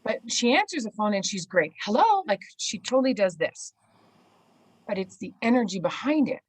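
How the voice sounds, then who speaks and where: A woman who runs a clinic, chatting over a video call and venting in an animated way, acting out what her staff say. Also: mid-range voice, normal speed, breathy edge, no echo, rough recording. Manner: animated, venting, acts out quotes. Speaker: clinic owner. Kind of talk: casual chat.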